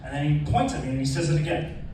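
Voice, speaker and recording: A man's voice: fairly high pitch, lively intonation, fast talker, background noise. A young man from Miami doing a stand-up set, telling self-mocking stories in a nasal, nervous way. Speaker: stand-up comedian. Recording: echoey far-off club recording. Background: room ambience.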